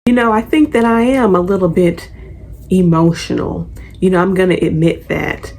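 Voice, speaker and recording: A woman's voice: lowish voice, fairly even intonation, normal speed, darkish tone, a little hiss or hum. A woman hosting her own channel, talking through an astrology forecast in an earnest, chatty way with rhetorical questions. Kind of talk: casual forecast talk to camera.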